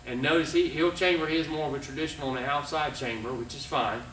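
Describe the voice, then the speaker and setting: A middle-aged man teaching martial arts kicks on video, calling out commands loudly and checking in with "all right?". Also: fairly high pitch, steady tone, fast, slight background noise. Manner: calls out commands loudly and coaches with frequent "all right?" and "okay?". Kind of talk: teaching a kicking class on video.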